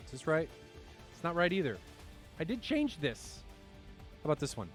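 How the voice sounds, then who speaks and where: A man commentating a live flight-simulation match stream in a chatty, excitable way, swearing now and then and poking fun at himself. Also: a little high, moderate pace, faint music behind. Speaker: esports commentator.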